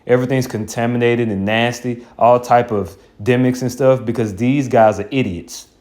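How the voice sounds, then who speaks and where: A man giving informal scripture commentary, verse by verse. He talks in a blunt, colloquial way and drops scornful asides. His voice sits at a middling pitch. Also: steady tone, normal speed, darkish tone. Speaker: Bible teacher.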